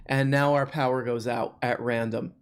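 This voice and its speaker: A host chatting casually on a livestream, joking and rambling with quick asides. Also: mid-range voice, fairly even intonation, smooth. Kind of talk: casual live-stream chat.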